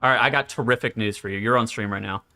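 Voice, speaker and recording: A man's voice: fairly low pitch, quick pace, bright, forceful tone. A man streaming live, chatting casually in a profane, rambling way.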